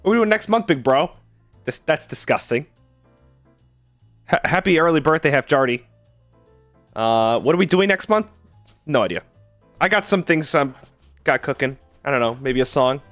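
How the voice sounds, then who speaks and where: A man's voice: on the high side, lively intonation, normal speed, pauses often, a bit bright, no room sound, soft background music. A man streaming live, chatting casually with viewers in a sarcastic, argumentative way.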